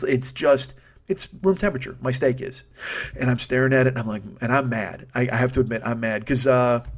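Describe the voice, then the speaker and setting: Fast-talking, profane man in his fifties. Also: mid-range voice. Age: 50s. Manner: profane, rambling, self-interrupting with restarts, swings into loud rants. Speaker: podcast host. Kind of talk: comedic storytelling monologue.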